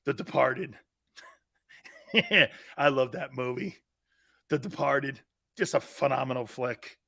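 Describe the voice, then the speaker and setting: A middle-aged man hosting a sports talk show in casual chat, laughing often and breaking into loud outbursts. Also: medium pitch, expressive, takes it slowly, gravelly, dry recording, studio quality.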